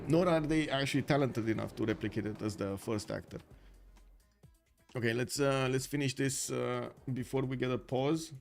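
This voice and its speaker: Male stream caster, mid pitch, loose chatty commentary full of fillers, faint music behind. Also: gravelly, darkish tone. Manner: chatty, thinks aloud, many fillers. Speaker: game caster.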